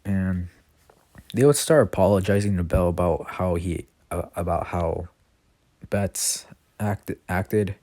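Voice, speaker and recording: A channel host casually retells a story about a fan, rambling with nonstop fillers and correcting himself as he goes. His voice sits low and mellow at a measured pace, with no echo in the recording.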